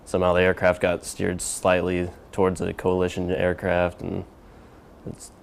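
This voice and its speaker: A man, an airman, recounts the incident in a steady, plain way. His voice is low, gravelly and very flat. Faint background noise sits behind him. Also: moderate pace. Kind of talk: interview recollection.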